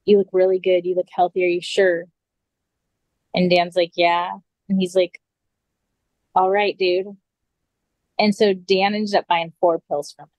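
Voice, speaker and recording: A woman sits as a podcast guest and tells a personal story in a loose, conversational way. Her voice sits low for a woman and sounds dry and close, with no room around it. She leans on "like" and quotes each person's words as she goes. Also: level tone, unhurried, long pauses, darkish tone, no room sound, poor audio. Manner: casual, full of "like" and quoted dialogue.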